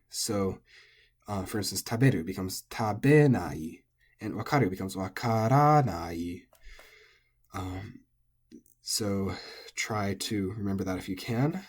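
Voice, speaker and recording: A man with a husky, slightly low voice explains pronunciation rules in a loose, unscripted way. He thinks out loud, fills pauses with ums and often corrects himself mid-sentence. He sounds like a native English speaker teaching a lesson. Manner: relaxed, thinking aloud with frequent ums and self-corrections. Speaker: language teacher. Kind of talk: casual recorded lesson.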